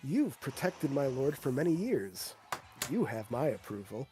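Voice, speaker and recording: Man voicing a creepy devoted shadow servant, hushed and adoring, faint music under. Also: medium pitch, big pitch swings, measured pace. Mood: approving.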